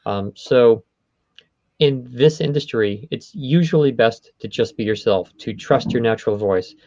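In this conversational interview, a man who owns a voice studio walks through the voiceover trade, speaking at length and frequently rewording himself. His medium-pitched voice is unhurried with a darkish tone, sitting in a middle range. The sound is dry and slightly dull.

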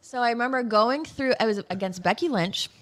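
A woman from Massachusetts, a professional wrestler, telling stories as a guest in a casual interview. She is animated and chatty and laughs often. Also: fairly high pitch, fairly quick.

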